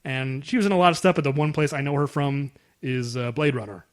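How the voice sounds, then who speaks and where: A man co-hosting a podcast, casually talking through a movie and acting out lines with big jumps in his voice. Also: fairly quick. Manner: animated, acts out quotes with jumps in pitch. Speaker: podcast co-host. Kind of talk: casual film discussion.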